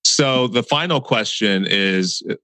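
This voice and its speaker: A man hosting a podcast, asking questions in a halting way with many fillers and restarts. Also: on the low side, lively intonation, bright, forceful tone, dry recording. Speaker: podcast host. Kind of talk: hosted interview and outro.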